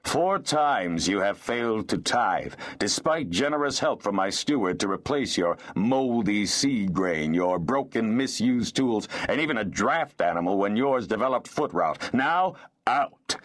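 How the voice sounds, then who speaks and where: A man's voice: lowish voice, lively intonation, unhurried, few pauses, a bit bright, pitched above the performer's own voice. A male audiobook narrator voicing a stern lord with a cold, harsh, commanding voice. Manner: commanding, scornful. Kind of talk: audiobook character voice.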